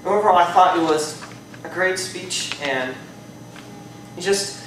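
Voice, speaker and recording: Brief: male speech evaluator, slightly high voice, chatty and hedging, far-off mic with heavy room echo. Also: unhurried, fairly bright tone, a little hiss or hum. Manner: conversational, hedges often with "I think" and "you know". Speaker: speech evaluator at a speaking club. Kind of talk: spoken speech evaluation to a live audience. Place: club meeting room. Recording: very echoey room from a distance.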